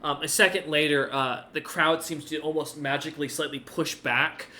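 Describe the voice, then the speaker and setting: Bright-voiced man narrating a tabletop game. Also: a little high, steady tone, normal speed, a little hiss or hum. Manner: rambling, many fillers. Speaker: game master.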